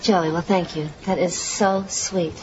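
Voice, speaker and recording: A woman's voice: on the low side, fairly even intonation, unhurried, background noise, close to an everyday voice. An actress playing a self-assured female soap-opera star who talks in a theatrical, coaching way. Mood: wistful. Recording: dull TV audio with studio audience laughter.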